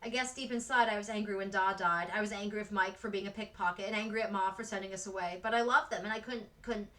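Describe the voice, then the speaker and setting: A woman reading aloud, voicing a soft-spoken, earnest twelve-year-old orphan girl. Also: mid-range voice, steady tone, fast talker, recorded from a distance, close to an everyday voice. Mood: tender.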